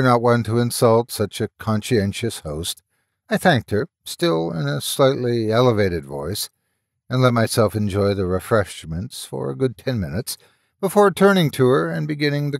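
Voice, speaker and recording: Male storyteller, mid-pitched, lively dramatic reading, dry studio sound. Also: no echo. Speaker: horror story narrator. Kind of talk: scripted narration.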